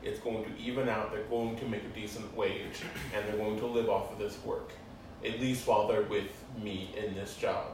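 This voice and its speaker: Male co-host, relaxed and conversational, distant mic, echoey room. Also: fairly low pitch, normal speed, background noise. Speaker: podcast co-host. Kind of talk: casual chat.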